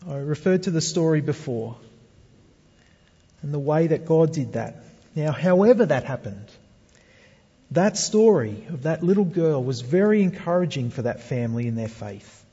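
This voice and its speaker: A man preaches at normal speed in a fairly high, warm voice with a breathy edge, sounding animated. Earnest, he poses rhetorical questions to the congregation, captured in a dull recording with long hall reverb.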